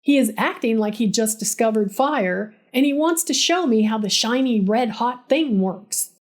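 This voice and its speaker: A woman's voice: a little high, expressive, moderate pace, a little mellow. A woman who works as a nurse, narrating a first-person story in a dry, sarcastic, exasperated way.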